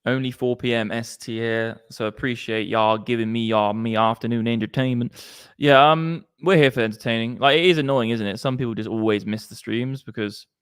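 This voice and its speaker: Brief: male streamer, casual slangy chat, smooth clear voice. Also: medium pitch, fairly even intonation, brisk, hardly any pauses. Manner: chatty, slangy, swearing. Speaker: crypto stream host.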